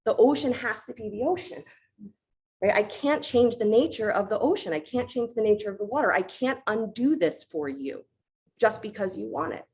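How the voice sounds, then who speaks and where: A woman voicing a flustered male ocean god who pleads and apologizes in a high voice. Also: lively intonation, moderate pace, a little mellow. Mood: apologetic.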